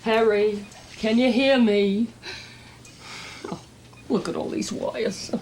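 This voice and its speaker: A woman's voice: a little high, fairly even intonation, takes it slowly, darkish tone, slight background noise. A woman playing a panicky, complaining older Jewish wife at a hospital bedside in a comedy sketch. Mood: frantic. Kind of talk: sitcom sketch with studio audience.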